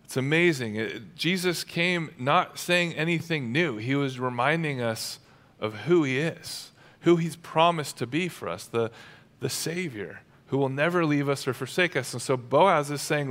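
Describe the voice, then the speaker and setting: A male pastor delivering a sermon with energy and a conversational tone. His voice sits a little higher than most men's. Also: a little slow, fairly bright tone.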